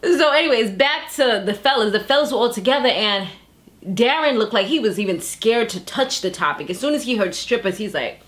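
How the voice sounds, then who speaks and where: A woman's voice: a little high, animated, normal speed, a bit bright. Woman vlogger, gossipy, laughs a lot, loose slang. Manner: chatty, laughs often, uses slang. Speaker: reality TV recap vlogger. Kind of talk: casual chat.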